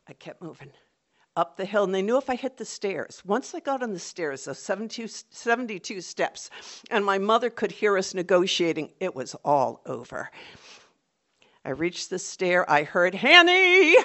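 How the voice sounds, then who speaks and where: A woman telling a personal story on stage, vivid and dramatic. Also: lowish voice.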